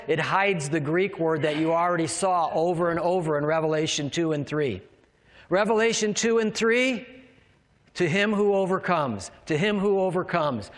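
A man's voice: high-pitched, fairly bright tone, big-room sound. A man preaching a sermon, emphatic and asking his congregation questions as he explains scripture. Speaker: pastor.

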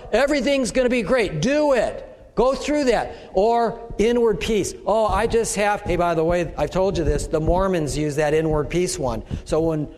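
A man's voice: high-pitched, darkish tone. A middle-aged man preaching a conversational sermon, often acting out the voices he quotes. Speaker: pastor. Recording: echoey hall with long reverb.

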